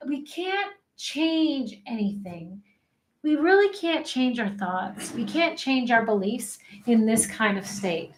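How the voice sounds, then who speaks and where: Upbeat female life coach, high voice, encouraging, webcam in an echoey room. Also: lively intonation, takes it slowly. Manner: upbeat, encouraging, leads chanted affirmations. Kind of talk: energetic online coaching session.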